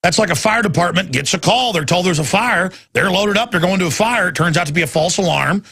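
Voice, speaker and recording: Gravelly, fired-up male radio host. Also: sits high, a little fast. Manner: intense, rambling, rising to loud excited peaks. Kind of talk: ranting talk radio monologue.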